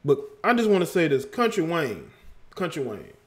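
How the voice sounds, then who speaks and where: A man's voice: fairly high pitch, big pitch swings, quick pace. A man hosting a livestream, commenting on a played clip in a mocking tone. He laughs and repeats words for effect. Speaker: livestream host.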